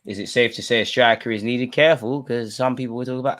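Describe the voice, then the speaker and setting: A man's voice: mid-range voice, fairly even intonation, fast talker, few pauses, a bit bright. A young man hosting a live football watch-along, ranting at the referee and swearing, full of street slang. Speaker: streamer.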